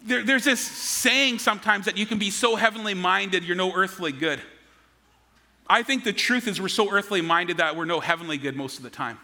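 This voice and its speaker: A man's voice: high-pitched, normal speed, pushed and bright. A man preaching a sermon in an earnest, conversational way, often repeating words as he goes. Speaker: pastor. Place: church sanctuary. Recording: long hall reverb.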